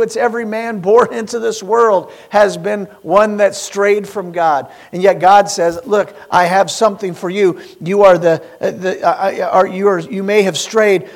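Male pastor, high voice, Sunday sermon, questions to the pews, slow stressed scripture reading. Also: creaky. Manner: preaching with rising emphasis and rhetorical questions.

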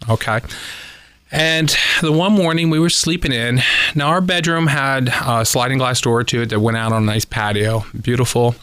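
A pest control expert appears as a guest on a radio talk show, a man with a smooth, mid-range voice speaking at a moderate pace. He is an animated storyteller who fills his tales with lots of "uh"s, and the recording is dry.

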